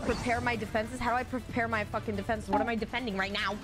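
A woman streaming a game, chatting excitably with teammates and viewers, swearing often and breaking into sudden shrieks. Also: fairly high pitch, fast. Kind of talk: live game stream commentary. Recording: game music behind the voice. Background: game music and sound effects.

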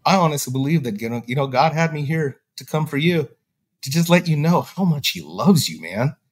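Man, casual storyteller, lively swinging pitch, acts out quoted dialogue. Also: a little fast. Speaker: podcast guest.

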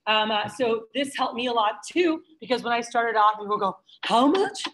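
A young woman leading a sales training session, talking fast and chatty and acting out customer exchanges for her trainees. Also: on the high side, fairly bright tone, low-quality recording. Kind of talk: sales training talk to a group. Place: office room with trainees.

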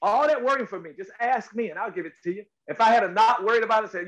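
A middle-aged male actor, a guest on a talk show, tells stories in a lively, emphatic way and acts out quotes. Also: high-pitched, very fast, few pauses. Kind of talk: animated interview storytelling. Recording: slightly dull lo-fi audio.

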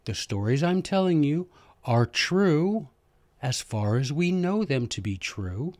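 A man, hosting a podcast and telling history stories in a lively, joking, self-deprecating way. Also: a little high, takes it slowly, no echo. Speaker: podcast host, former history teacher. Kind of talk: casual history storytelling monologue.

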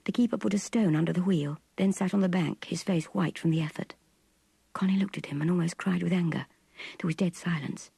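Brief: older woman narrator, gravelly and very husky, close dry audiobook read. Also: fairly low pitch, fairly quick, dark tone, dry recording. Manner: intimate, breathy half-whisper narration. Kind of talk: audiobook reading of a classic novel.

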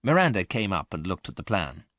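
Man narrating a learners' storybook, lowish voice, slow and clear, dry close mic. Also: big pitch swings, a bit bright, dry recording. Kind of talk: scripted narration of a graded reader.

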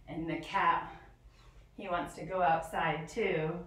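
A woman leading a yoga lesson for young children, giving gentle, slow, sing-song instructions. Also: lowish voice, fairly even intonation. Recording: echoey room from far off.

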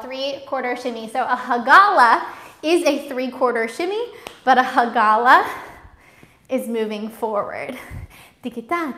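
A woman's voice: high voice, a bit bright. A woman teaching a live-streamed belly dance class, counting steps and calling out cues in a bubbly way. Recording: roomy studio with music behind.

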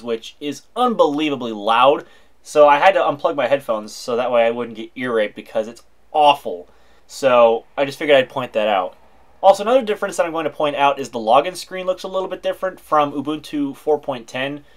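A man narrating a screen-recorded software walkthrough in a chatty, informal way with wry asides. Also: medium pitch. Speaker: tech video host.

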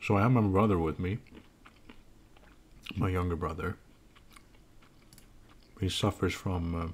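A man's voice: deep voice, a little slow, pauses often, slight background noise. A young man giving loose, profane let's-play commentary at home while eating, close on a desk microphone. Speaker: streamer.

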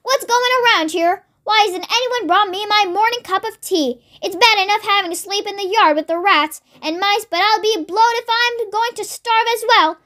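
A child reading aloud and voicing a bossy, greedy old grandmother who shouts and scolds. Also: very high voice, moderate pace. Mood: scolding.

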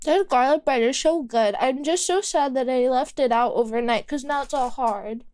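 High-pitched teasing woman streamer. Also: normal speed, darkish tone, dry recording. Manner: teasing, sarcastic, giggly, talks while eating. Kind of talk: casual gaming stream chat.

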